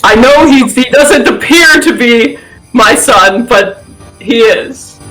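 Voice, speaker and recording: A man voicing a gentle, anxious middle-aged male researcher who is also a father, speaking in an earnest, softly pleading way. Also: extremely high pitch, lively intonation, slow pace, soft background music, voice pushed up, full character voice, low-quality recording.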